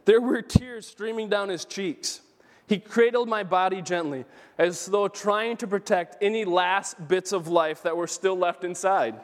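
A man preaching a sermon as pastor, telling a story with animated, emphatic rises. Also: high voice, moderate pace. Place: church sanctuary. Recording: church hall with long reverb.

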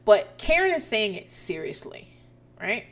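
Animated woman recapping with lively pitch. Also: unhurried. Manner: profane, incredulous, animated storytelling. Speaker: reality TV recap host. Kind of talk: casual recap commentary.

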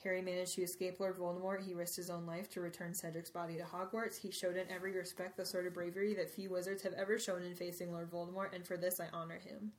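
A woman's voice: lowish voice, little pitch movement, a little hiss or hum, voice pushed down, lightly acted. A woman reading as a solemn elderly headmaster. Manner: slow, hushed, measured reading. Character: wise elderly male headmaster, solemn and gentle. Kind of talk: reading a book passage aloud.

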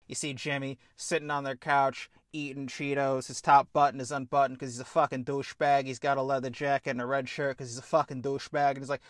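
A man co-hosting a podcast, pitching a film idea in an animated, casual chat and swearing freely. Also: brisk, no room sound, studio quality. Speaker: podcast co-host.

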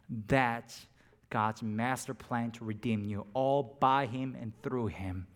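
Preacher swinging from hush to fervor. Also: male voice, lowish voice, slow pace. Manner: dynamic, drops to near-whispers and rises to emphatic peaks. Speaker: pastor. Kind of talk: sermon.

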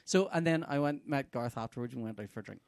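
A man, telling travel stories in casual podcast chat, animated and sweary. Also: medium pitch, quick pace, creaky, dry recording, studio quality. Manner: sweary, animated storyteller, laughs often. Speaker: podcast co-host.

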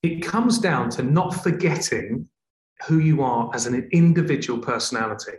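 Expressive male presenter, echoey room. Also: mid-range voice, moderate pace. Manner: expressive, varies tone for emphasis. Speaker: TV presenter, guest. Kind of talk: explaining presenting technique in a conversation.

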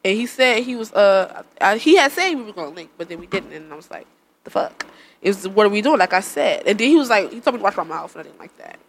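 A woman's voice: medium pitch, very animated, fast, slight background noise. A young woman in casual chat, telling stories bluntly with plenty of swearing and laughter. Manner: blunt, profane storytelling with frequent laughter.

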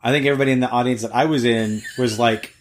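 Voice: mid-range voice, fairly even intonation, racing, a little hiss or hum. Hesitant, filler-heavy podcast host. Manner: hesitant, many fillers and backchannels. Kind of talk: casual podcast chat.

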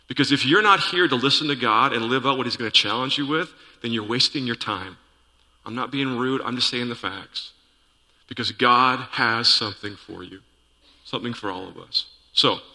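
A man's voice: mid-range voice, sharp tone. Earnest man preaching in an echoing church. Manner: earnest, conversational preaching with folksy asides. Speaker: pastor. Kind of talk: sermon. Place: church sanctuary.

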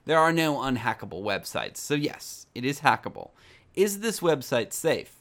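A man's voice: medium pitch, big pitch swings, moderate pace, fairly bright tone. A young man co-hosting a comedy podcast, rambling and giggly with frequent restarts. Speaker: podcast co-host. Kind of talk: casual comedic chat.

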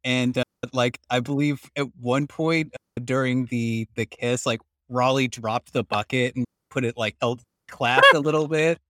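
A man's voice: medium pitch, a little slow, hardly any pauses, fairly bright tone, no echo. Male player, giggly and gushing; a dry, close recording. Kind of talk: tabletop game play.

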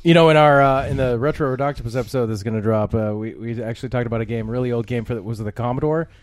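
A man's voice: medium pitch, racing, no echo. A man co-hosting a podcast, easygoing and bantering in casual chat. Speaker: podcast co-host.

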